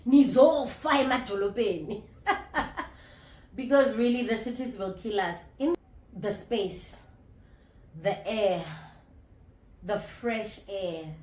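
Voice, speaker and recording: A woman in her thirties talking candidly to camera in a casual vlog, reflective and halting, often restarting her sentences. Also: medium pitch, darkish tone. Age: 30s. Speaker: vlogger. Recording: roomy echo.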